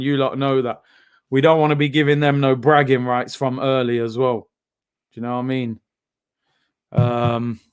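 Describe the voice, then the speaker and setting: A young man hosting a live football watchalong, reacting loudly to the play and then talking himself back down. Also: a little high. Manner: excitable, shouts at big moments, then calms himself down. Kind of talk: live match watchalong commentary.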